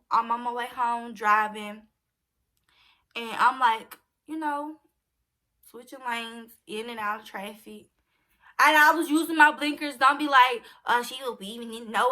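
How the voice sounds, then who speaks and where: Young woman doing a storytime vlog, kinda high bright voice, keeps saying y'all. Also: a little slow. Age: young adult. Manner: chatty, addresses viewers directly as y'all. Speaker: vlogger. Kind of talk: casual storytime.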